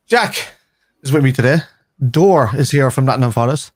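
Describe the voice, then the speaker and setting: A man's voice: medium pitch, expressive, moderate pace, dry recording, clean studio sound. A man hosting a casual football livestream chat, chatty and friendly with his guests. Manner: chatty, calls everyone lad. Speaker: host.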